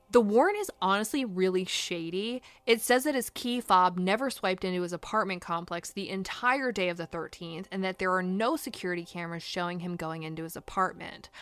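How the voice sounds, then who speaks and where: A woman's voice: fairly low pitch, fairly bright tone, dry recording. A young woman hosting a true crime podcast, narrating casually with sarcastic asides and rhetorical questions.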